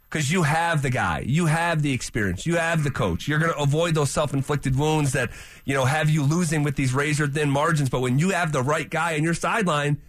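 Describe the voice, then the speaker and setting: A man co-hosting a sports radio show, talking in a lively way and teasing his co-host. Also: on the high side, brisk, no echo. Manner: teasing, laughs along, animated. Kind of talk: casual sports talk.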